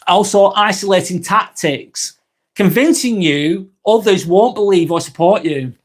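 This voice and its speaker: A man's voice: high voice, animated, a little slow. A man hosting a live vlog, talking bluntly and expressively, swearing freely and reading out chat comments.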